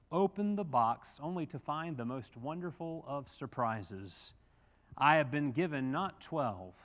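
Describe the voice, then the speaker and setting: A man preaching a sermon in a church, animated and folksy, with humor and rhetorical questions. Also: a little high. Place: church sanctuary. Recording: long reverb of a church hall.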